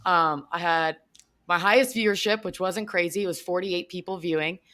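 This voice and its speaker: A woman's voice: lowish voice, moderate pace, a bit bright. A woman chatting casually as a podcast guest, upbeat and full of fillers. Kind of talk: casual chat.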